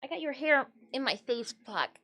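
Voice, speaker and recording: A woman's voice: high-pitched, animated, normal speed, bright, forceful tone. A woman from Michigan chatting casually on a live stream, easily distracted and full of "like.". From Michigan, USA. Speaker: streamer and cosplayer.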